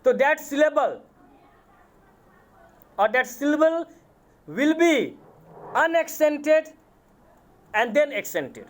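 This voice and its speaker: Slow, deliberate Indian man lecturing. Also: very high voice. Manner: deliberate, repeats terms and spells words out letter by letter. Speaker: college English lecturer. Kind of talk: classroom lecture on poetic meter.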